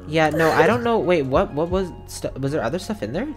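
Excitable streamer with a lively voice. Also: male voice, fairly high pitch, soft background music. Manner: excitable, gasping, quick to panic. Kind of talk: casual gaming chat.

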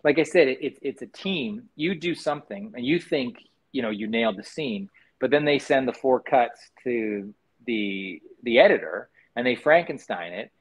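A male actor, a guest in a casual interview, talking in a relaxed and candid way, acting out quotes as he goes. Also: mid-range voice, moderate pace, slightly rough, poor audio. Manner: relaxed and candid, with frequent restarts and acted-out quotes.

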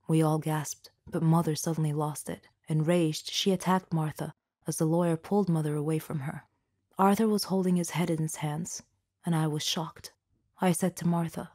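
A woman narrating a scripted first-person story for an animated storybook video, reading steadily and evenly. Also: deep voice, moderate pace.

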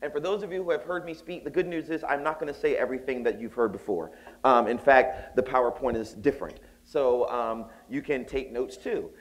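Animated male keynote storyteller. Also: mid-range voice, a little fast. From Southern United States. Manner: animated, jokey storytelling with acted voices. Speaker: keynote speaker. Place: conference hall.

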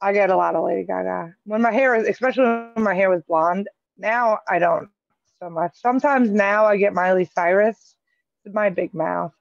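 A woman with a raspy, gravelly, smoky voice and a Long Island accent, co-hosting a casual chat and laughing often. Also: medium pitch, normal speed, dull audio. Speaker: podcast co-host.

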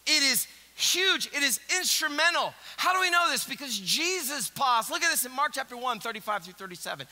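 A man preaching a sermon as pastor, dropping to a hushed near-whisper and rising to loud, urgent exhortation, in a church. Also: extremely high pitch, big pitch swings, brisk, hardly any pauses, rough recording. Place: church sanctuary.

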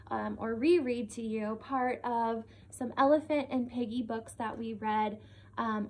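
A young adult woman teacher giving a reading lesson to young children, expressive and encouraging, checking in with little questions. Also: fairly high pitch, a little hiss or hum.

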